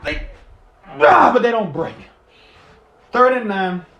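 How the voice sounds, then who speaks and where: Excitable fan calling a game live. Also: male voice, high voice, slow, vocal fry, echoey room, highs cut off. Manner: excitable, swings from muttering to shouting, cusses; talks while eating. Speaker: live game reaction host. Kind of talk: live sports play-by-play and reaction.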